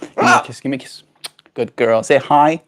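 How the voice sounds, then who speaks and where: A man livestreaming at home. He chats casually with his viewers and talks baby talk to his pet birds in a high, cooing voice. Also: fairly even intonation, fairly quick, fairly bright tone.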